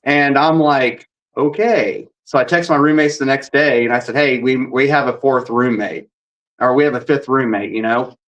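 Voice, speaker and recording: A man being interviewed as a paranormal investigator, telling stories in a rambling, animated way and acting out the dialogue. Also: medium pitch, normal speed, dull audio. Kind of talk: casual storytelling.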